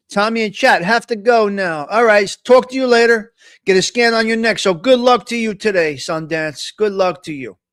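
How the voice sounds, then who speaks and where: A middle-aged man with a New York-area accent hosts a live morning chat stream in a high-pitched voice, rambling through crude, joking banter. The sound is close and dry. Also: fairly bright tone, no room sound. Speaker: host of a live morning talk show.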